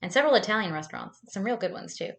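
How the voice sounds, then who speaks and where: A woman's voice: mid-range voice, lively intonation, very fast, vocal fry, fairly bright tone. A woman vlogging at home into a camera mic, telling rambling, profane stories in casual chat with lots of "like". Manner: rambling, profane storytelling with frequent likes.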